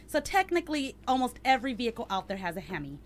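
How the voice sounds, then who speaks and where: Teasing, high-voiced woman host. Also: very animated, fast talker, slight background noise. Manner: teasing, profane, joking. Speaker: podcast host. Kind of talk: casual chat, reading a date review aloud.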